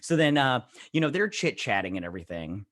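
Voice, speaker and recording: A man's voice: medium pitch, very animated, fairly quick, a bit bright, no echo, clean studio sound. Rambling man reviewing a TV episode. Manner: rambling, lots of fillers and retellings. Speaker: YouTube reviewer. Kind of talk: casual spoken review.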